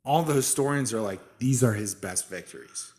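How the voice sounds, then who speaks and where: A young man co-hosting a podcast, retelling history in animated, profane casual chat full of "dude.". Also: mid-range voice, moderate pace. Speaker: podcast co-host.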